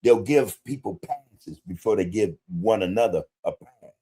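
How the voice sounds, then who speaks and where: A man's voice: fairly low pitch, animated, a little slow, mellow, breathy edge. A man hosting a podcast livestream, talking bluntly in street slang with plenty of profanity and greeting viewers in the chat. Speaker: podcast host. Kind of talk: casual livestream commentary.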